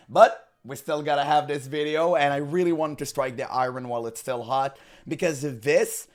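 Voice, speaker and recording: A man hosting gaming commentary, hoarse from illness with frequent voice cracks, ranting in an emphatic, exasperated way. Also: a little high, fairly even intonation, moderate pace, hardly any pauses.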